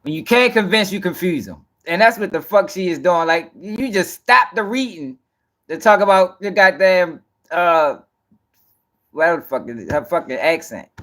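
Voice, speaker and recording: A man's voice: high-pitched, animated, normal speed, bright, forceful tone. Profane, blunt man reacting to a clip. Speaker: host. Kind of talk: casual reaction commentary.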